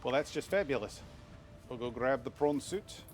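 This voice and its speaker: A man's voice: mid-range voice, lively intonation, normal speed, faint music behind. Rambling, swearing male game streamer. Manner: rambling and casual, swears often, many restarts. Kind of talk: live game stream commentary.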